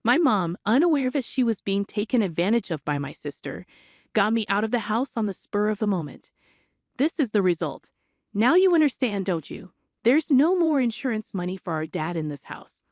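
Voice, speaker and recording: A woman's voice: medium pitch, sing-song, normal speed, darkish tone, no echo, clean studio sound. A woman narrating a scripted family story in a cool, matter-of-fact manner.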